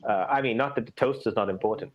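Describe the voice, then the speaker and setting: A man's voice: mid-range voice, fast talker. A man narrating a tabletop game as game master, rambling with many fillers. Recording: dull lo-fi stream audio.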